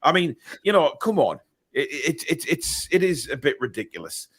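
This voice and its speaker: A man's voice: fairly high pitch, big pitch swings, normal speed, a bit bright, slightly rough. A middle-aged man, hosting a casual football show and reading out viewer comments in a rambling, chatty way. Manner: rambling, chatty, many restarts. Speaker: podcast host.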